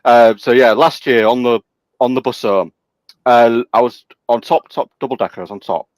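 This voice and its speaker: Man, casual chat, hesitant storyteller, mid pitch, dry sound. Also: moderate pace, no room sound. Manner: anecdotal, hesitant with fillers. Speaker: livestream co-host.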